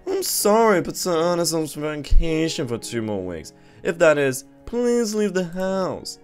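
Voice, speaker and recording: A man puts on a posh, haughty butler voice for a game character. It sits high and swoops with lively pitch. Light music plays faintly behind. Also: measured pace. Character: posh male butler and chef.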